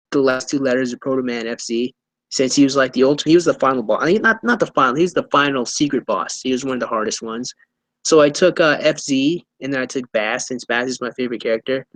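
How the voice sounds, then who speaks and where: A young man talks through his answers in a loose, unhurried ramble, circling back with fillers and repeated starts. His voice sits at an ordinary middle pitch. The recording is dry and close, with no room sound around him. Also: no echo, low-quality recording. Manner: rambling, hesitant, many fillers and restarts. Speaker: YouTuber being interviewed. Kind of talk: casual interview answers.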